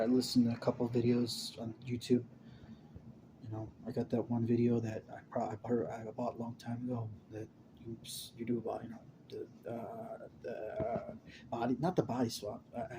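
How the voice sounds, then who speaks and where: A young man talking to camera in a rambling, emotional monologue. He stammers, restarts and repeats words, swinging between mumbling and loud bursts. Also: medium pitch, fairly even intonation, normal speed, background noise.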